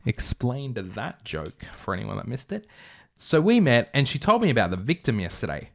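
A man's voice: mid-range voice, big pitch swings, normal speed, gravelly, fairly bright tone. A young man with an Australian accent who reads aloud from his childhood novel and breaks off for wry, self-mocking asides. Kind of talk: comic reading with commentary.

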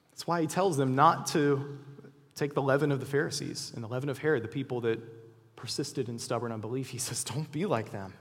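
A man preaching a sermon as pastor, earnest and animated, acting out quotes in lively voices. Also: fairly high pitch, breathy edge, big-room sound.

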